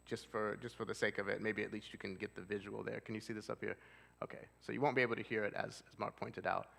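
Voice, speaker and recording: A man's voice: lowish voice, vocal fry, a bit bright. A male therapist giving a casual church seminar, talking conversationally and asking the audience questions. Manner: conversational, asks the audience questions, loose with fillers. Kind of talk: casual live presentation to an audience. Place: church hall with long reverb. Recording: reverberant church hall.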